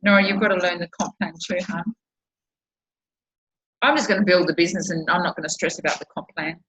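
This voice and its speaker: A woman's voice: lowish voice, fairly even intonation, fairly quick, a bit bright, reverberant, low-quality recording. A woman with an Australian accent chatting on a video call, explaining at length and with emphasis. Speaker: business team member on a video call. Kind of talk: casual video-call chat.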